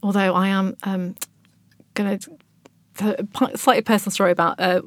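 A woman's voice: medium pitch, level tone, moderate pace, no room sound. Woman host, dry close sound. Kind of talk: casual discussion.

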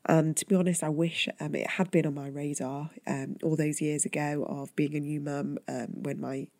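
A middle-aged British woman hosting a podcast, talking in a chatty way with frequent ums, her voice nasal and croaky from a flu. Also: deep voice, level tone, normal speed, dark tone, dry recording. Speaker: podcast host. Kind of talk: casual podcast intro.

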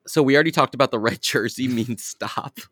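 A man co-hosting a podcast, telling animated, profane stories with frequent laughter. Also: mid-range voice, brisk, husky. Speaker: podcast co-host. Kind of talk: casual chat.

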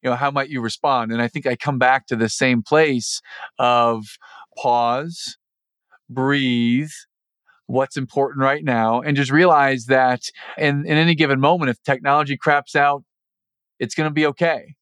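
A man hosting a podcast, giving measured, reflective coaching advice in an earnest tone. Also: medium pitch, steady tone, fairly bright tone, clear, resonant tone, no echo. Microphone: podcast microphone over the internet.

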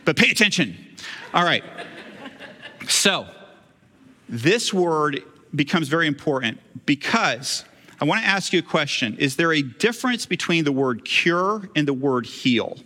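A man's voice: fairly high pitch, lively intonation, measured pace, sharp tone, in a large hall. A man preaching a sermon, conversational and self-deprecating, with friendly asides to the congregation. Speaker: pastor.

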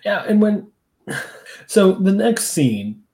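Podcast co-host, warm and dark tone, very expressive pitch, laughs a lot. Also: slow. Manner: animated, laughs often, acts out quoted lines with big pitch jumps. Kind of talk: casual chat.

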